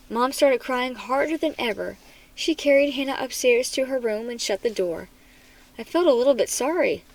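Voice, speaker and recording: A woman reading a children's horror book aloud in an expressive, dramatic manner. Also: on the high side, moderate pace, low-quality recording. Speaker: storybook reader.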